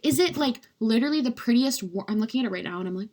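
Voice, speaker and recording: A young adult woman with a darkish, medium-pitched voice talks fast and animatedly, barely pausing. She's a beauty vlogger chatting casually, rambling and gushing, saying "like" constantly and poking fun at herself.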